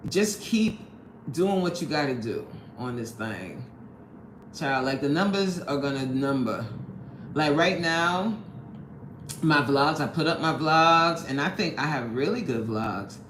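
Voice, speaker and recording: Lively woman live-streaming from an echoey room. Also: low-pitched. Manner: lively, chatty, greets viewers excitedly, laughs often. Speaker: live-stream host chatting with viewers. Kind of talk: casual live-stream chat. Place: indoor room at her workplace. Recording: roomy echo, faint background noise.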